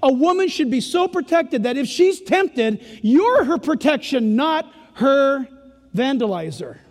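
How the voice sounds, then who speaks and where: An older man preaching a sermon in a punchy, folksy way that swings between loud emphasis and hushed asides. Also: extremely high pitch, lively intonation, unhurried. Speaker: pastor. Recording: echoey hall reverb.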